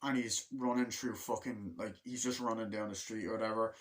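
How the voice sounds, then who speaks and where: A man's voice: on the low side, steady tone, brisk. A man giving a casual, rambling movie review, swearing freely and humming the score as he retells scenes.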